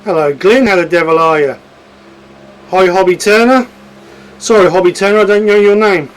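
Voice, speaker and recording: High-voiced chatty man hosting a livestream. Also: moderate pace, a little hiss or hum, rough recording. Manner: chatty, self-deprecating, troubleshooting aloud. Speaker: woodturning livestream host. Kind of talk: casual livestream chat with viewers.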